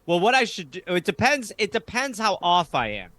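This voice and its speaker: An American man with a bright, forceful voice pitched a little high, talking over a video call. He riffs animatedly and swears freely, jumping between rapid asides as a comedian guest. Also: sing-song, dry recording. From United States. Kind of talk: casual chat.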